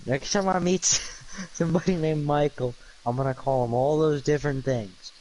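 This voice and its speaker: A man's voice: on the high side, moderate pace, a little mellow, slight background noise, low-quality recording. A tired man streaming late at night, rambling through goofy wordplay with lots of ums and uhs. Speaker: livestreamer.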